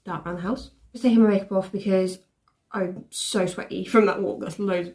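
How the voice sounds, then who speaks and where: A woman's voice: medium pitch, fairly even intonation, moderate pace, a little mellow, no echo. Breathless young woman vlogging outdoors. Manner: chatty, laughs often, talks to her dog. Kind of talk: casual vlog chat while walking. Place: muddy forest outdoors.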